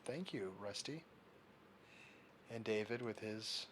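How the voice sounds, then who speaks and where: A young man hosts a livestream, talking in a loose, rambling way as he reads out viewer comments and fiddles with his setup. His voice sits on the low side. There is faint background noise around him. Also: slow pace, fairly bright tone. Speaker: livestream host. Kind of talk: casual livestream chat.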